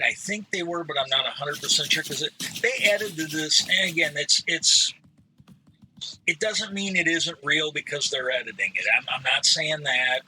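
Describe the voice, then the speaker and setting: A man's voice: on the high side, pushed and bright, a little hiss or hum, rough recording. A man streaming a game and telling a rambling, profane story with a lot of hedging. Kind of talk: casual storytelling while gaming.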